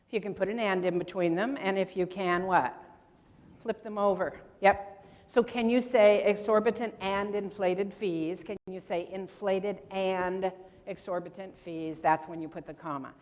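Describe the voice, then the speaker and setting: A woman's voice: mid-range voice, fairly even intonation, unhurried, a little mellow. A woman giving a convention talk on grammar, quizzing the audience with questions and playful asides. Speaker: convention speaker. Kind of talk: lecture to an audience. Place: convention meeting room. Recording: long reverb from a large room.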